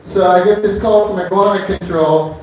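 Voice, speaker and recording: A man's voice: high-pitched, steady tone, moderate pace, slight background noise. A man performing a stand-up comedy set on a bar stage, rambling loosely with many fillers between one-liners. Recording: echoey club room from far off.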